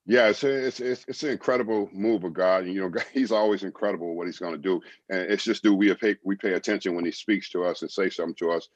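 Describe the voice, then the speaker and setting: Deep-voiced middle-aged male guest, earnest testimony, dry, slightly muffled sound. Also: fairly even intonation, fast talker, few pauses, no echo. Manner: earnest storytelling, repeats phrases, quotes God and others. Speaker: guest, former baseball player and evangelist. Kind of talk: testimony in a podcast interview.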